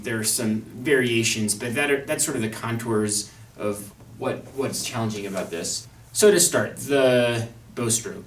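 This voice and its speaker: Young male violinist-teacher, wry and thoughtful, mid-pitch, heard at a distance in a roomy practice space with a violin nearby. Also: a little hiss or hum. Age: young adult. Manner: thoughtful, wry, with fillers and restarts. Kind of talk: instructional talk on an orchestral excerpt. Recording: echoey room, mic at a distance.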